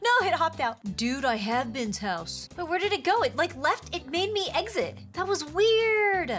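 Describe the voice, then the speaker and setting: Bubbly high-voiced woman gaming host. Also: moderate pace, faint music behind. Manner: excitable and gushing, with frequent gasps. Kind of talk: playful game commentary.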